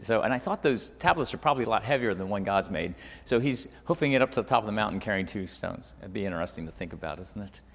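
A middle-aged male pastor preaching a sermon, moving between loud emphasis and hushed asides. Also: lowish voice, expressive, fast, hardly any pauses. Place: church hall. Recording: long hall reverb.

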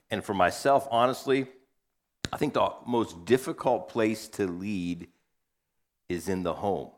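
Lowish-voiced man telling a sermon story. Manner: conversational storytelling, acts out family voices. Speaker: preacher.

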